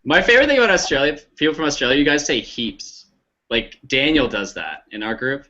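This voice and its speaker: A man's voice: a little high, animated, fairly quick, bright, forceful tone, highs cut off. A man, a guest on a casual video-call panel, joking and teasing the others.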